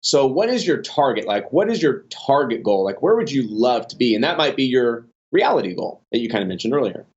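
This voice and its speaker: A man's voice: medium pitch, brisk, few pauses. Chatty man telling business stories, lo-fi. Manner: rambling, many restarts and fillers, animated in stories. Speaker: podcast guest, online business owner. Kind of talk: casual conversational storytelling.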